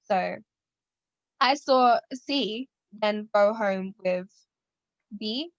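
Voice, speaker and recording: A woman's voice: mid-range voice, very slow, no echo, highs cut off. A woman in her twenties co-hosting a podcast, telling a story in a rambling way and acting out what people said. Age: 20s. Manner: rambling, animated, acts out quotes. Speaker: podcast co-host. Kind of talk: casual chat, storytelling.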